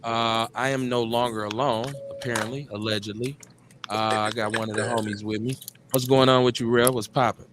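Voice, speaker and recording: A middle-aged man with a Midwestern US accent, hosting a live call-in show in a relaxed, slangy way and repeating his phrases. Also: mid-range voice, brisk, heavy background noise. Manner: laid-back, slangy, drawls and repeats phrases. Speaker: radio show host.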